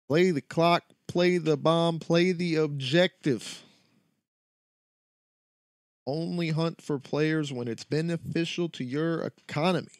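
A man's voice: fairly high pitch, dry recording, clean studio sound. A man streaming a shooter game live, chatting casually with loose, profane, joking trash talk. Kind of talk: casual live-stream chat while gaming.

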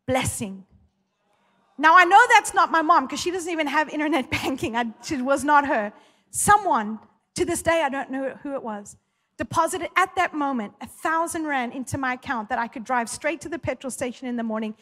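A woman's voice: sits high, animated, moderate pace, fairly bright tone. A woman preaching a sermon, fervent and emphatic, telling personal stories. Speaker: pastor. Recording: long hall reverb.

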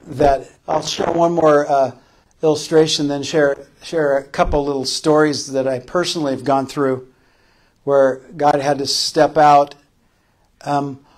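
Slow-preaching pastor, man, fairly high voice. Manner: impassioned preaching, rising to loud calls and dropping to soft tender lines; repeats phrases for emphasis. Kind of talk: sermon.

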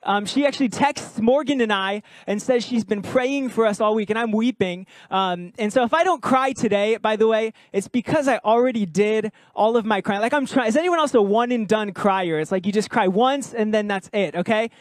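High-voiced pastor joking with his congregation. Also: moderate pace, hardly any pauses, dry recording. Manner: conversational, jokey, asks the congregation questions. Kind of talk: sermon. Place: church service with congregation.

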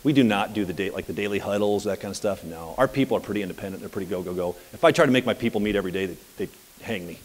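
A man coaching at a live seminar, telling anecdotes in an energetic, conversational way. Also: lowish voice, rapid-fire, big-room sound. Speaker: property management business coach. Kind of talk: live seminar talk with audience questions.

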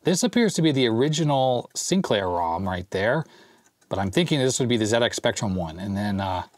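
A man's voice: medium pitch, brisk, dry recording. Dry, casual man talking over a teardown. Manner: thinks aloud while working, relaxed, with small fillers and laughs. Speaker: retro computer repair video host. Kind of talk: casual hands-on show-and-tell.

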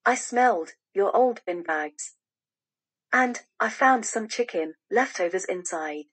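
A woman voicing a big, hungry, polite female bear in a storybook reading, with an apologetic, chatty manner and a husky voice. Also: mid-range voice, expressive, slow pace, a bit bright, heavily acted.

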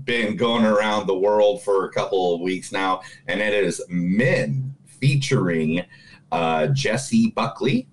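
A man's voice: lowish voice, takes it slowly, low-quality recording. A man hosting a movie podcast, upbeat and teasing his co-host in casual chat. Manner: hyped, teasing and boisterous.

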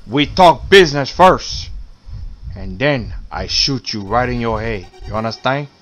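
A man's voice: medium pitch, animated, unhurried, faint music behind. A man doing Tony Montana, hot-tempered gangster. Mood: menacing. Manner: broken English, profane threats, shouting bursts. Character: hot-tempered male gangster boss, threatening. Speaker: gameplay commentator. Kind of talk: in-character game commentary.

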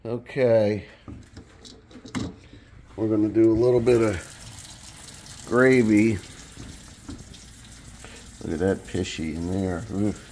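A man's voice: lowish voice, slow pace, pauses often, dark tone, slight background noise. A man filming at home, talking to his dogs in playful, cooing baby talk and speaking their thoughts aloud. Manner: coos and voices the dogs' thoughts in silly baby talk. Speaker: dog owner filming his pets.

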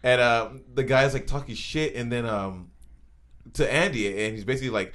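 Fast-talking young man telling stories. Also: medium pitch. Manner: fast storytelling with dark jokes, acts out quoted people. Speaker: podcast co-host. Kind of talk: casual chat.

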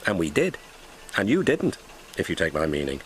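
A man's voice: low voice, wildly swooping pitch, moderate pace, background noise, pitched below the performer's own voice. A man voicing a humble, hard-working little male diesel engine who talks in an earnest, modest way. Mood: wry.

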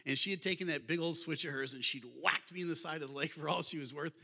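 Male speaker in his fifties, quick and bright, joking with the room, hall reverb. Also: fairly high pitch, creaky. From Michigan, USA. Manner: humorous, conversational, addresses the audience directly. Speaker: guest speaker. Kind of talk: storytelling talk.

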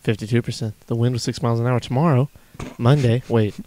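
A young man co-hosting a podcast, loud, jokey and excitable in casual banter at a desk mic. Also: mid-range voice, fast talker, slight background noise. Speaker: podcast co-host.

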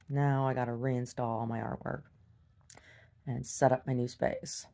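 A woman's voice: rumbling low, steady tone, measured pace, dark tone. A woman recording a casual video diary, venting bluntly with plenty of swearing and mocking the people she talks about. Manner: blunt, profane, exasperated venting; mocks others in exaggerated voices. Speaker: video diarist.

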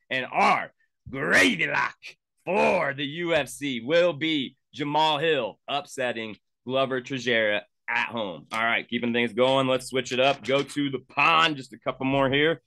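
A man with a bright, forceful voice rattles off sports betting picks one after another as the show's host. He talks with brisk confidence, plugging the show between calls. The sound is close and dry, with no room around it. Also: medium pitch, gravelly, no echo. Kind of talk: rapid-fire sports betting picks rundown.

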